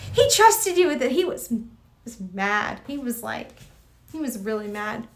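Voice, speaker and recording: A woman's voice: on the high side, very animated, measured pace. A woman chatting casually with her viewers on a live stream, rambling with lots of fillers and restarts.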